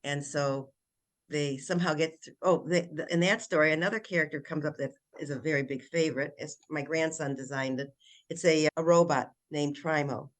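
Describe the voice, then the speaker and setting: An older woman, a children's author, chatting in an interview and retelling her story in an animated way with frequent restarts. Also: low-pitched, moderate pace. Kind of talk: casual interview chat.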